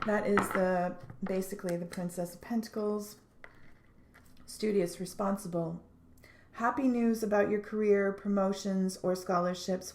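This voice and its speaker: A woman's voice: medium pitch, darkish tone, a little hiss or hum. Earnest woman giving a tarot reading, echoey room. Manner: earnest, halting, with many restarts and fillers. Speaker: tarot reader.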